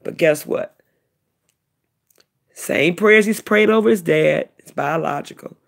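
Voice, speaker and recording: A middle-aged woman giving an emotional personal testimony, telling her story in an animated, repetitive way. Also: deep voice, slow, gravelly. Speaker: vlogger, self-described prophetess.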